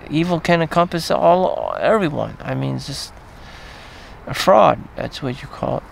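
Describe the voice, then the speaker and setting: Gravelly, rambling, profane man. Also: on the high side, expressive, slight background noise. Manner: rambling, profane, frequent fillers and trailing pauses. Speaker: vlogger. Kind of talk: casual rambling monologue.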